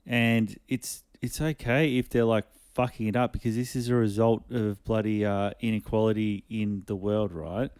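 A man's voice: fairly low pitch, little pitch movement, moderate pace, hardly any pauses, a little mellow, clean tone, no room sound. A man co-hosting a podcast in casual chat, rambling and swearing freely. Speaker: podcast co-host.

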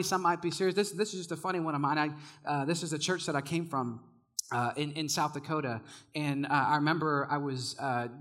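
Animated young male youth preacher. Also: a little high. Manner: animated, self-mocking, laughs often. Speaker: youth pastor. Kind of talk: sermon storytelling.

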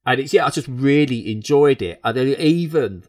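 A man from England reviewing a TV show in casual, animated chat, rambling with frequent restarts. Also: medium pitch, normal speed.

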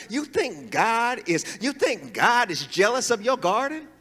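High, bright-voiced preacher in an echoing hall. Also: male voice, big pitch swings, a little slow, few pauses, husky. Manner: conversational, emphatic preaching with asides and chuckles. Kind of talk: sermon.

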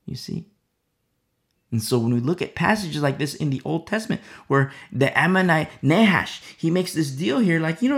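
A male preacher gives an emphatic sermon and keeps pressing his points home. His voice has a gravelly rasp and rises and falls widely. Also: a little high, very animated, moderate pace. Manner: emphatic, keeps asking "you see?".

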